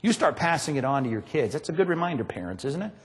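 A man preaching a sermon, emphatic and animated, often asking his congregation rhetorical questions. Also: fairly high pitch, quick pace, big-room sound. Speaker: pastor.

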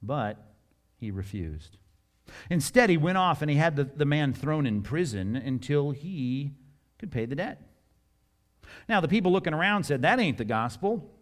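A middle-aged man preaching a sermon in an animated, conversational way, with jokes and asides and acted-out scripture dialogue. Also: fairly high pitch, a little slow, long pauses. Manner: acts out scripture dialogue in varied voices. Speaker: pastor.

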